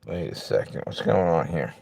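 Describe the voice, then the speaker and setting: A man's voice: deep voice, big pitch swings, moderate pace, gravelly, mellow, no room sound. Profane, rambling male live streamer. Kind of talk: casual live-stream chat with viewers. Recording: faint background noise.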